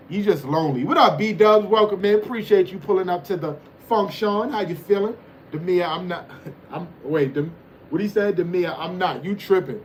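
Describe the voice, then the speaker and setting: A man hosts a livestream and riffs on the chat in loose, teasing banter. His voice sits high for a man. A faint hiss of noise runs underneath. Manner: loose, teasing banter with frequent "you know what I'm saying". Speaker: livestream host reading chat.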